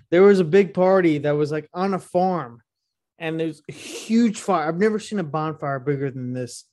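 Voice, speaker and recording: A man's voice: on the high side, animated, a little slow, a little mellow. A young man co-hosting a podcast, telling crude stories casually and laughing often. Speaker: podcast co-host. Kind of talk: casual chat.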